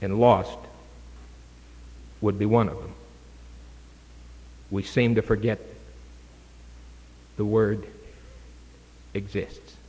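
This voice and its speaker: A man preaching an urgent evangelistic sermon, dramatic and moving from hushed to loud. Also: fairly low pitch, level tone, drawn-out words, long pauses, big-room sound, rough recording.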